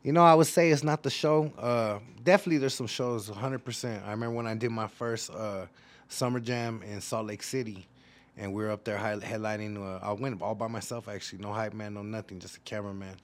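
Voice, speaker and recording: A man with a West Coast accent, a rapper talking fast and profanely in a casual interview, telling animated stories. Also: lowish voice. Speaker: rapper guest.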